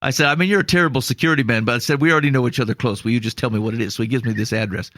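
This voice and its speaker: A man's voice: medium pitch, racing, fairly bright tone, no room sound, clean studio sound. A man from Iowa co-hosting a podcast, telling a long story casually and laughing at himself. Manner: rambling, self-mocking, laughs through his story. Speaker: podcast co-host.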